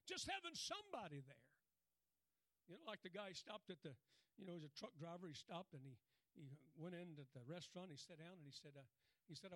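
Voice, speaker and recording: Male preacher, high bright voice, folksy storyteller, sprinkles amens and little laughs, dry close sound. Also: very animated, brisk, dry recording. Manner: folksy, punctuates with "Amen" and "Praise God", chuckles often. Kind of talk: sermon.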